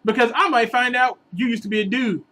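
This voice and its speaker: A man telling a long, rambling relationship story in a casual vlog, animated and sometimes bursting into exasperated outbursts. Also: extremely high pitch, a little fast, low-quality recording. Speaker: vlogger giving relationship advice.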